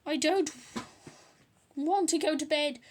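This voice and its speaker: A woman voicing a bratty schoolboy who yells and jeers at his brother. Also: sits high, slow, slight background noise, pitched above the performer's own voice. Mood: jeering. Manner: yelling, jeering.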